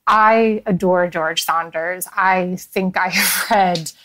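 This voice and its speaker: A woman's voice: on the low side, takes it slowly. A woman guest on a podcast, chatting casually about books and breaking into giggles as she tells stories. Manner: giggly, animated storyteller. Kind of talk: casual chat.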